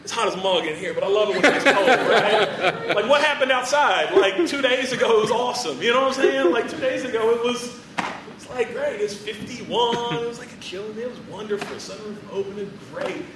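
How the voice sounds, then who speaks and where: A man preaching an animated, playful sermon to students, acting out the people in his story. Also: sits high, moderate pace, a loud crowd. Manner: animated, playful, acts out quotes. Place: large room with audience. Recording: roomy hall, distant from mic.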